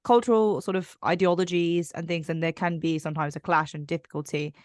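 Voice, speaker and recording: Hosting a podcast interview, a woman reflects on her guest's points and sums them up, using many fillers. She speaks a little fast in a steady tone, with a fairly low, darkish voice and clean studio quality without echo.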